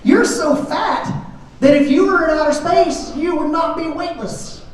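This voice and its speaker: A man doing a cheeky little boy, high and earnest. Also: unhurried, background noise. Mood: teasing. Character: cheeky five-year-old boy teasing his dad. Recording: echoey club from far off.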